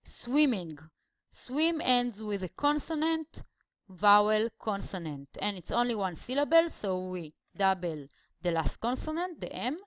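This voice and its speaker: A woman teaching English grammar, taking her time and letting her pitch rise and fall freely. She walks through each rule patiently, step by step, with a close, dry sound to her voice-over. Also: big pitch swings, measured pace, a bit bright, dry recording. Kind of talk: slideshow lesson voice-over.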